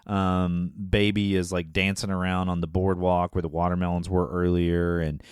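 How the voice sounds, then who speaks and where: A man co-hosting a podcast, recapping a movie in casual chat, often laughing and dropping into quick character voices. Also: deep voice, level tone, smooth, no echo, studio quality. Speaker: podcast co-host.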